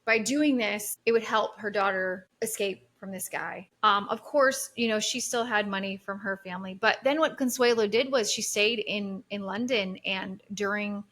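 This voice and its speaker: A woman's voice: mid-range voice, moderate pace, hardly any pauses, fairly bright tone. A woman hosting a podcast, retelling a history story in casual chat with many fillers and restarts. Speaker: podcast host.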